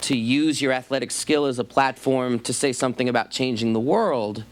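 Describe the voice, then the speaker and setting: A man's voice: mid-range voice, moderate pace. A man interviewing a guest on stage, setting up his questions at length. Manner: thoughtful, sets up a question at length. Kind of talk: onstage interview.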